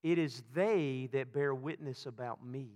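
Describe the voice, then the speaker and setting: A man's voice: medium pitch, unhurried, darkish tone. A man preaching a sermon as a pastor, building his points through emphatic repetition and calling out to the congregation. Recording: long reverb of a large hall.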